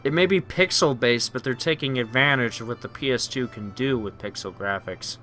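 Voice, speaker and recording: A man's voice: mid-range voice, moderate pace, sharp tone, faint music behind. A man casually commenting on his own gameplay with chatty, wry asides. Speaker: let's play host.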